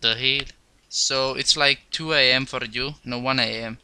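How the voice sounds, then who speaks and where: A young man giving excitable, crude commentary over his gameplay. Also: mid-range voice, normal speed, background noise. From Finland. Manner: excitable, crude trash talk. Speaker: gaming video host.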